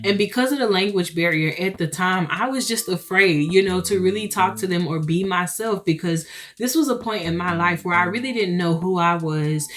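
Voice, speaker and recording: A woman's voice: fairly low pitch, moderate pace, a bit bright. A young adult woman vlogger chatting to her viewers, laughing often and acting out what others said. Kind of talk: casual storytelling to viewers.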